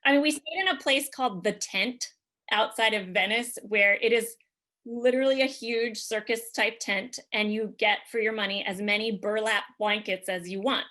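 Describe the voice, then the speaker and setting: A woman's voice: mid-range voice, moderate pace, pushed and bright. A woman, a podcast guest, telling a rambling comic travel story in a chatty way, full of fillers.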